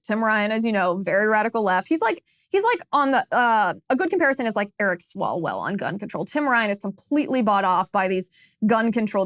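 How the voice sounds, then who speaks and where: A woman in her thirties hosting a political talk show, telling a story in a lively, casual way and laughing along. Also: medium pitch, dry recording, clean studio sound. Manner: animated, laughs while telling anecdotes.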